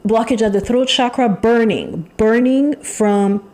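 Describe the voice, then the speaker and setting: A woman giving a channeled tarot reading, talking in an emphatic, repetitive way with pauses and sighs. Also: on the high side, darkish tone. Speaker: tarot reader.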